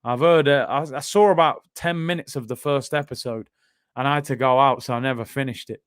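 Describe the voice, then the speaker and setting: A young man hosting a live football watchalong, bantering with chat and reacting loudly to the game. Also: medium pitch, brisk, clear, resonant tone, no echo, studio quality. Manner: banter-heavy, erupts into shouting at goals. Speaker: watchalong host.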